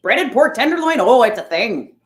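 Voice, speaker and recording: A woman's voice: on the high side, very animated, moderate pace, roomy sound, voice pushed up. A woman putting on a mocking accent to play a chirpy, nosy small-town local who gushes about food. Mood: gushing.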